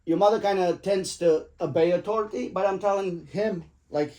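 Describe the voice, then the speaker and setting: At the dinner table, a middle-aged dad shares rambling, profane, joke-filled stories with his family. His high-pitched voice has a darkish tone, and he keeps a moderate pace with few pauses.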